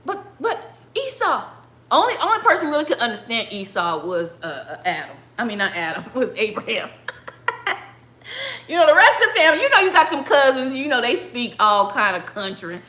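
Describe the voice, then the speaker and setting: A woman hosting a livestream, casually retelling a Bible story with animated laughter and bursts of song, recorded in an echoey room. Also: on the high side, a little fast. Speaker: livestream host.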